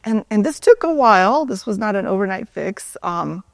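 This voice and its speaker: A woman's voice: medium pitch, expressive, normal speed, gravelly, no room sound. A woman speaker, once a yoga and Pilates teacher, telling stories in a loose conversational way and often asking "right?". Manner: conversational, tags sentences with "right?". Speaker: conference speaker, former yoga and Pilates instructor. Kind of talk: storytelling talk.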